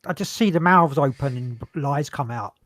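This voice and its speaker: A man co-hosting a casual podcast, joking loudly, swearing and slipping into mock voices. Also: fairly high pitch, normal speed, dry recording, studio quality. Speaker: podcast co-host. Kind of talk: casual chat.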